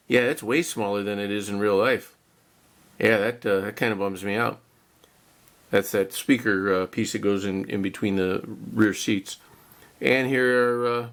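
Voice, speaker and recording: A man with a low, gravelly voice talks his way through a model kit unboxing in a loose, rambling way. He chats to his viewers and pokes fun at himself with small chuckles. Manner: rambling, chatty, self-deprecating with chuckles. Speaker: model car kit reviewer. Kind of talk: casual unboxing narration.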